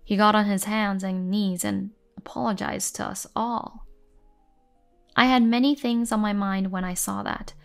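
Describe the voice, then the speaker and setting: A woman narrating a first-person drama story in an even, measured way over faint music. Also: medium pitch, vocal fry.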